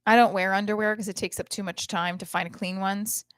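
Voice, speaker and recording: A woman's voice: mid-range voice, fairly even intonation, brisk, clear, resonant tone, dry recording. A middle-aged woman hosting a podcast, talking in a blunt, profane, rambling comedic monologue into a close mic.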